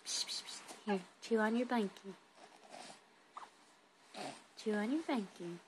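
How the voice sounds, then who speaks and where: A woman's voice: mid-range voice, slow pace, slight background noise. A mother cooing in sing-song baby talk to her infant son, recorded on a phone at home. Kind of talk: talking to a baby.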